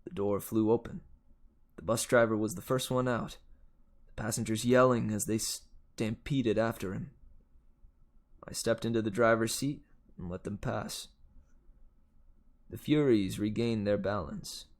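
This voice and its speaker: A man reading a novel aloud, with steady first-person narration. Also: lowish voice, a little slow, pauses often. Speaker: audiobook reader.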